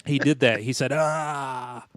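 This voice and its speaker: A man's voice: medium pitch, fairly even intonation, slow pace, no echo. A man in his thirties telling a story with sarcastic asides in a casual podcast chat. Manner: wry, sarcastic storyteller, mimics people he meets. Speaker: podcast co-host.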